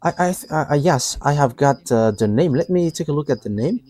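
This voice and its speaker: A man's voice: a little high, animated, a little fast, darkish tone, dry recording. A man giving a live religious teaching, talking hesitantly with many fillers and restarts and laughing often.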